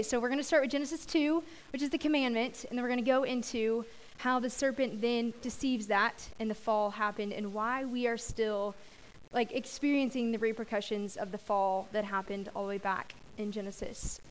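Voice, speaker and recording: Young woman, youth sermon, casual and chatty, laughs off slips, slightly high voice. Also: poor audio. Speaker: youth speaker. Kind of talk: youth sermon with prayer and scripture reading.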